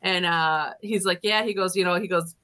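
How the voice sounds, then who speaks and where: A woman guest author talks through local ghost stories in a relaxed, chatty way. Her voice sits a little low for a woman but comes across bright and forceful. She slips into other people's lines as she tells each story. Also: moderate pace. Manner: lively storyteller, acts out quoted dialogue, laughs often. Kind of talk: casual ghost storytelling in an interview.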